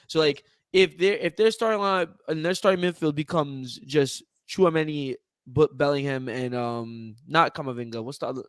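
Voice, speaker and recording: High-voiced young man, animated sports talk. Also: moderate pace, hardly any pauses, smooth, no room sound, clean studio sound. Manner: animated, rambling, self-interrupting. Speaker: podcast co-host. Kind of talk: casual sports chat.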